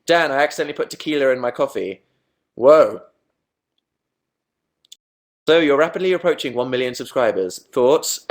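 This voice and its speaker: A young Englishman with an English accent, chatting casually to viewers on a webcam livestream, self-mocking and rambling. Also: mid-range voice. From England. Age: young adult. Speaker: host.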